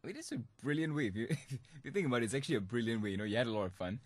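A man's voice: mid-range voice, lively intonation, racing, no echo. A young man from Singapore hosting a student radio podcast, talking in a playful, mischievous way and laughing often. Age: young adult. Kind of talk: comic monologue podcast.

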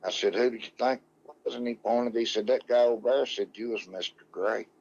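A man's voice: medium pitch, steady tone, a little fast, darkish tone, slightly rough, dull audio. A man telling a rambling, salty story in casual talk, drawling and full of cussing. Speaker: guest, dog man.

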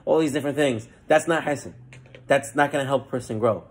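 A man giving a sermon as a rabbi, telling stories and acting out the quoted lines. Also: fairly quick. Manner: storytelling with lively acted quotes and frequent rises in pitch.

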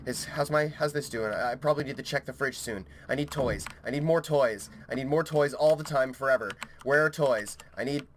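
A man's voice: medium pitch, brisk, hardly any pauses, slight background noise. A young man narrating a horror game as he plays, panicky, swearing and rambling to himself, with his keyboard clicking faintly at a desk mic. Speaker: gaming YouTuber. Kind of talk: horror game let's play commentary.

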